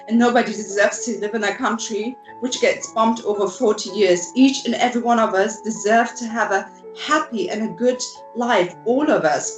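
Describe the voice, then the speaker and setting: A woman's voice: a little high, echoey room, poor audio. A woman from Germany, a filmmaker guest in an interview, speaking earnestly and from the heart, often repeating words as she goes. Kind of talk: video interview.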